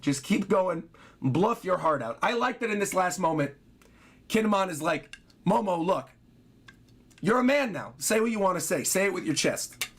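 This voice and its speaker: Young male streamer with a high voice, reading panels aloud dramatically and excitedly. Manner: excitable, reads dialogue dramatically with long drawn-out pauses. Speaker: streamer reacting to a manga chapter.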